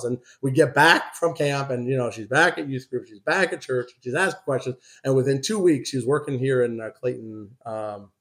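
A man preaching to his congregation. He rises in pitch and volume as he reads scripture, then drops to a quieter, rambling, conversational tone for a personal story. His voice sits mid-range for a man. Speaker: pastor. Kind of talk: sermon.

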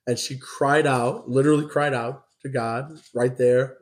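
A man's voice: medium pitch, fairly even intonation, normal speed, few pauses, a little mellow. A man preaching a sermon. He reads scripture with emphasis, then tells a personal story in a loose, conversational way. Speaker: pastor.

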